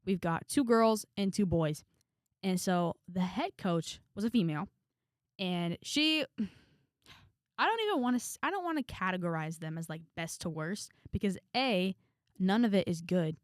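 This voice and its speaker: A young woman talks straight to her audience in a casual, frank and chatty way, drifting into asides and sighs. Her voice sits a little low for a woman. The sound is dry, with no room echo. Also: expressive, measured pace. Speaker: vlogger. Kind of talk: casual storytelling to camera.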